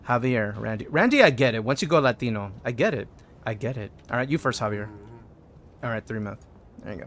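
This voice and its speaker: While streaming a game, a man talks playfully to the characters in casual commentary and now and then erupts in loud excitement. His voice is medium-pitched and fast.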